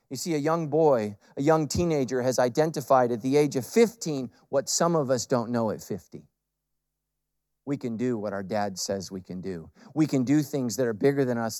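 A middle-aged man preaching a sermon as a pastor, swinging between loud emphatic peaks and quiet intimate lines and repeating phrases for emphasis. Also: medium pitch, moderate pace, no echo, clean studio sound.

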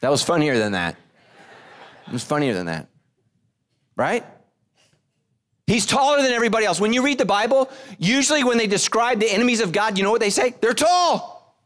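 Animated high-voiced male pastor preaching. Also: brisk, pauses often. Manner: animated, acts out quotes with shifting voices. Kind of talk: sermon.

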